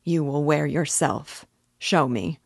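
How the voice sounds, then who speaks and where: A woman reading the lines of a restless young male student, delivered with incoherent, self-mocking agitation in a low, unhurried voice. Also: creaky, slightly rough, dry recording, clean studio sound, heavily acted. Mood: agitated.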